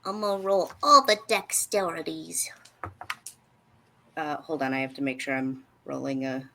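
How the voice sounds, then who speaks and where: Woman, tabletop player, playful, slow-paced, lowish voice. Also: fairly even intonation, gravelly, sharp tone, slight background noise. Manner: playful, many fillers. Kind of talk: tabletop role-play chat.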